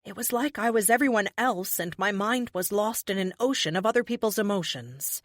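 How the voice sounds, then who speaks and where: A woman voicing a young female empath who talks in a soft, confiding way, in an audiobook. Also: mid-range voice, a little fast, no room sound, studio quality, lightly acted. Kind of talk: audiobook character voice.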